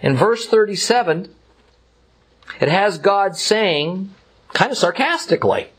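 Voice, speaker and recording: Slow, husky-voiced male Bible teacher. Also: sits high, expressive, fairly bright tone. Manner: deliberate, emphatic explaining. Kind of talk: verse-by-verse Bible lesson.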